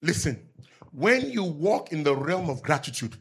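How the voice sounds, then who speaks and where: A middle-aged man preaching a sermon as pastor, asking the congregation to finish his lines and rising to shouts. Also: on the high side, very animated, a little slow, vocal fry. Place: church with outdoor canopy seating.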